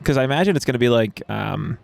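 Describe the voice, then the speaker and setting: A young man talks fast and loose on a podcast, rambling through a story and slipping into the voices of the people in it. His pitch sits in the middle for a man. The delivery is casual and quick. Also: expressive, creaky, no echo. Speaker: podcast co-host. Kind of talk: casual chat.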